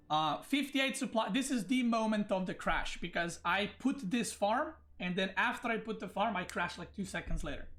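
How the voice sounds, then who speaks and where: A man's voice: high voice, a bit bright. A man streaming, ranting agitatedly about an unfair referee decision, upset and stumbling over his words. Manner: agitated, ranting, frequent restarts. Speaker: esports player and streamer. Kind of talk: livestream rant.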